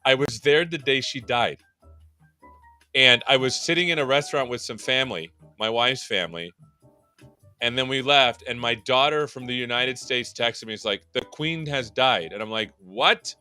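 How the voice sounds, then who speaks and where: Male livestream host, bright and lively, self-deprecating jokes, soft music in the background. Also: mid-range voice, normal speed, clean tone. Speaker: show host. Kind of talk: casual livestream chat.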